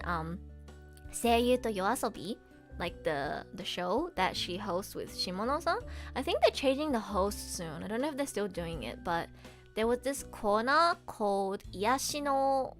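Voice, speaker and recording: Woman voice actress, casual stream chat; bubbly, giggly, with a bouncy, animated delivery. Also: medium pitch. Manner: excitable, gushing, giggly.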